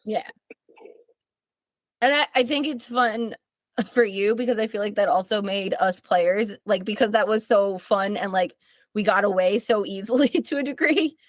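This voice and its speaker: A woman's voice: mid-range voice, normal speed, no room sound. A young woman, a tabletop game player, chatting casually on a podcast, giggly and full of hesitant restarts.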